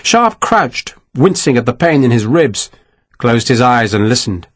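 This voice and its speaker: An audiobook narrator reads a historical war novel in scripted narration, measured and expressive like a storyteller. His voice is mid-range and the recording has no room sound.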